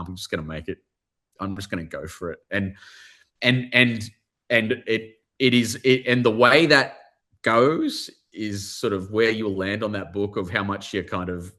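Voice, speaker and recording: A man with an Australian accent, an author speaking warmly and excitedly in a live online interview, with many restarts and fillers. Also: fairly low pitch. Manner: animated, effusive, lots of restarts and fillers. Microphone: video call.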